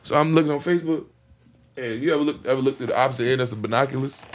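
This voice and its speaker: A young man in casual podcast chat, telling a story in an animated way and acting out his own reactions. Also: mid-range voice, rapid-fire, a little hiss or hum.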